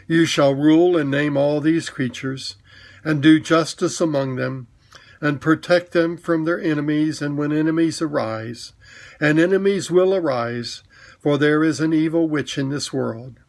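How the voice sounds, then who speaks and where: A man's voice: on the high side, a little slow, vocal fry, a little mellow. A man voicing a solemn noble lion king. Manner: solemn, commanding, formal. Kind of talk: storybook reading aloud.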